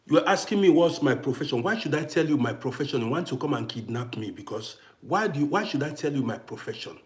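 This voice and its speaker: A man's voice: medium pitch, lively intonation, quick pace. A man with grown children, ranting to camera on his vlog in an emphatic, repetitive, challenging way. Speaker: vlogger. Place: living in Austria.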